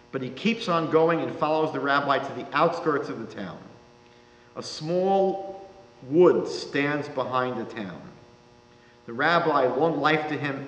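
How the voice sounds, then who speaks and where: A man, a rabbi giving a lecture, telling a story in a measured, dramatic way. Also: on the high side, a bit bright. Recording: reverberant lecture hall.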